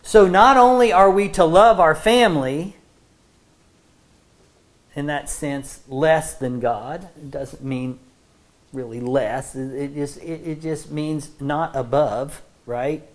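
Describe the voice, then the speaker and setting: A woman with a fairly low voice delivers a sermon at an unhurried pace. She talks in an earnest, conversational way, repeating words as she restarts her thoughts and pushing up to emphatic points. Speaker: preacher.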